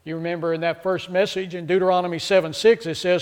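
A male pastor with a notably high-pitched voice delivers a sermon in an easygoing, joking way. He keeps prompting the congregation to answer him and repeat phrases. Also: level tone, fast talker, hardly any pauses, clean tone. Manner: joking, call-and-response with congregation.

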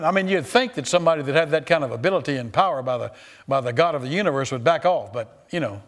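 Animated preacher man, slightly high voice. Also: fast. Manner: animated, repeats phrases, acts out quoted voices. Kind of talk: sermon with scripture reading.

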